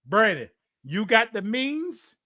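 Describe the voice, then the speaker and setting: A man co-hosting a streamed talk show, ranting in a confrontational, taunting, profane way and often breaking into shouts. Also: sits high, sing-song, takes it slowly, no room sound, studio quality. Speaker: podcast co-host.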